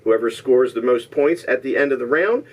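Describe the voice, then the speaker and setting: A man hosting a homemade trivia game show, explaining the rules plainly and reading clues slowly and deliberately. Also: medium pitch, animated, far from the mic.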